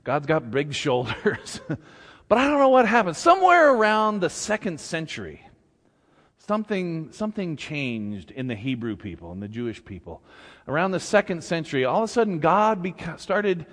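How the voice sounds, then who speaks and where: A man's voice: on the high side, big pitch swings, moderate pace, a bit bright, in a large hall. A man preaching a sermon as pastor, conversational and humorous, acting out scripture stories. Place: church sanctuary.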